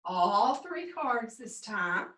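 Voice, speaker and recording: A woman teaching a phonics lesson to young children, sounding out words slowly in an encouraging sing-song way. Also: a little high, big pitch swings, bright, forceful tone, reverberant, far from the mic. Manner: slow, drawn-out sounding out of words. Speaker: second grade teacher.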